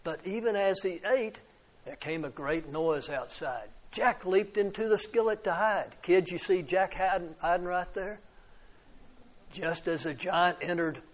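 A man with a high-pitched voice reads a fairy tale aloud to children, taking his time. Now and then he stumbles over words, and he adds little asides to the kids.

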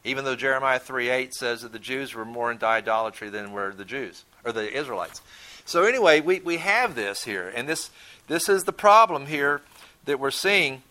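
A man's voice: medium pitch, lively intonation, moderate pace, bright, forceful tone. A man teaching a Bible study in a conversational way, often repeating words as he thinks and asking his listeners questions.

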